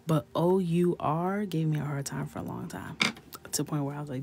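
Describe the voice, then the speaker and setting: A woman's voice: deep voice, fairly even intonation, a little fast, gravelly, background noise. A woman hosting a coloring livestream, chatting casually, laughing and reacting to viewers' comments. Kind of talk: casual chat while coloring.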